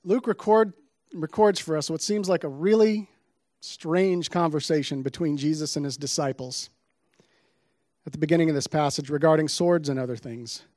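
A man's voice: on the high side, normal speed, a little mellow, no echo, studio quality. A man giving a sermon, reading scripture aloud with dramatic emphasis on the quoted lines before explaining the passage. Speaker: preacher.

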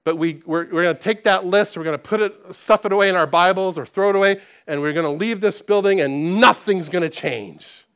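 Pastor guy preaching, kinda high voice, goes quiet then loud, lots of restarts. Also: fairly quick, few pauses, clear, resonant tone. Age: adult, past college. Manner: animated, swings from soft asides to loud exclaims; conversational with frequent restarts. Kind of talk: sermon.

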